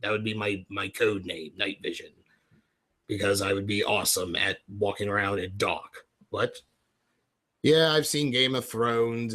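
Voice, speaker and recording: Speaking from home on a relaxed livestream, this host answers his viewers' chat and wanders between topics, his affected British-ish accent slipping on and off. The voice sits in the mid range and sounds pushed and bright.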